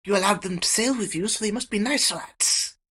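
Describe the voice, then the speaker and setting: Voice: mid-range voice, brisk, bright, forceful tone, slightly rough. A player voicing Boga, a cheeky adventurer woman. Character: adult female adventurer, polite and cheeky.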